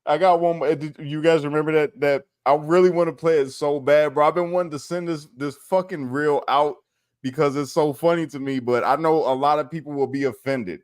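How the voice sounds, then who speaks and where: A man's voice: on the high side, steady tone, a little fast, darkish tone. A man co-hosting a podcast, telling stories in a loose, profane way and laughing as he retells funny clips. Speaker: podcast co-host. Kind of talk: casual chat, storytelling.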